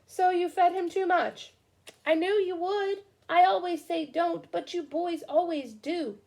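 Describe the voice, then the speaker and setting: A woman's voice: very high voice, fairly even intonation, a little slow, a little mellow, voice pushed up. A woman reading a storybook aloud, voicing a weary, knowing old man in a resigned, told-you-so way.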